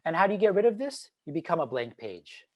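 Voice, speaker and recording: A man giving an online talk on teaching, animated and demonstrative, swinging between loud and quiet. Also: a little high, fast. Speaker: teacher trainer. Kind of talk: online presentation. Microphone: video call.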